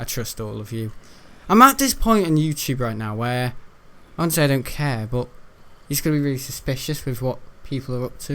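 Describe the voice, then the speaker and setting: A British man rambling through casual gaming commentary, chuckling often and jumping up in pitch when he's incredulous. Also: fairly bright tone. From United Kingdom. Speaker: gaming YouTuber.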